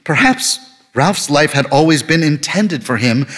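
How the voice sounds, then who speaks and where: A man reading an audiobook novel aloud in scripted narration, with a lively, dry delivery. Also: a little high, unhurried, in a large hall.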